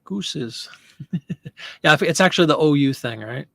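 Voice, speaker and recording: A man's voice: a little high, expressive, unhurried, vocal fry, pauses often, pushed and bright, dry recording, clean studio sound. A man hosting a live stream, chatting casually and answering viewer comments.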